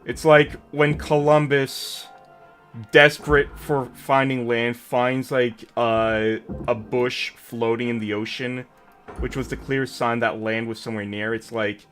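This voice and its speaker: A man in casual stream chat, his voice sitting at an ordinary middle pitch. He rambles through long tangents with jokes at his own expense, and faint music plays softly underneath. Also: little pitch movement, unhurried. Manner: rambling, jokey, self-deprecating. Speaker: streamer host.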